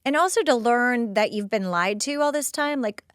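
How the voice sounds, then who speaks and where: A middle-aged woman hosting a podcast, recapping an episode in casual, expressive commentary. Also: fairly high pitch, normal speed, no echo, studio quality. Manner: expressive, slips into quoted dialogue. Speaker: podcast host.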